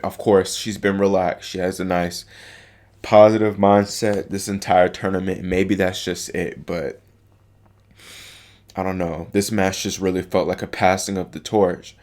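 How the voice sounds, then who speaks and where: A man's voice: sits low, flat delivery, measured pace, darkish tone. A man talking to camera as a tennis vlogger in casual spoken commentary, rambling and hesitant, heartfelt and openly affected by what he discusses. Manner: rambling, hesitant, with many restarts and fillers.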